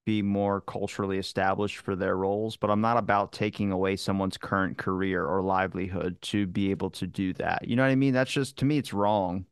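A male podcast host talks casually with his guest, relaxed and direct about what he thinks. His voice is low and smooth, recorded close and dry. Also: brisk, few pauses, dry recording. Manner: relaxed, direct, plainly opinionated.

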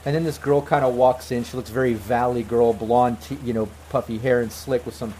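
A man narrating a tabletop game as game master, animated and laughing often. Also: medium pitch, brisk, slight background noise, rough recording.

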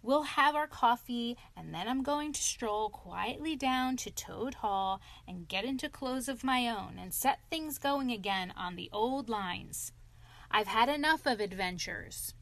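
A woman voicing a boastful, excitable male toad in a storybook reading, with dramatic exclamations. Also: fairly high pitch, measured pace, no room sound. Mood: humble.

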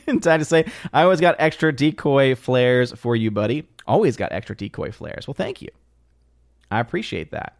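A man's voice: mid-range voice, lively intonation, fairly quick, creaky, no echo, clean studio sound. A man hosting a casual live stream, chatting as he reads viewer comments aloud, with frequent restarts. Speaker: live-stream host reading chat.

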